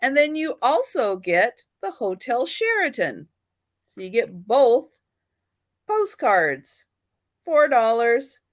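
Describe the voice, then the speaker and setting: A woman hosting a live photo sale, friendly and quick to laugh as she greets viewers and lists items. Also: fairly high pitch, big pitch swings, no room sound. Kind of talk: casual live-stream chat.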